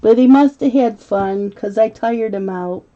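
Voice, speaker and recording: Middle-aged woman, casual live-stream chat, slow easygoing delivery, muffled lo-fi audio. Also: a little high. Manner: chatty, laughs often, reads viewer comments aloud. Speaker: live-stream coloring host.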